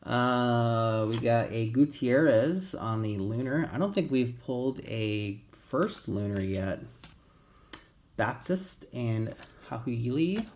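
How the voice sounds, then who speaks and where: A man with a mid-range, darkish, expressive voice speaks slowly as a casual card-opening vlogger. Loose and rambling, he mumbles names while flipping through cards in relaxed pack-opening commentary.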